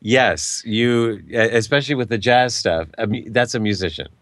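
Man, radio host, casual interview chat, stumbling, quick to laugh, dry close sound. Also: medium pitch, fairly bright tone, no echo. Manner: chatty, stumbling, laughs easily.

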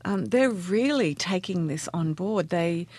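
A woman's voice: on the low side, lively intonation, measured pace, dry recording. A woman coach in a casual interview, telling stories in an earnest way and laughing often. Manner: earnest, warm storytelling with frequent laughs. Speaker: guest, transformational coach.

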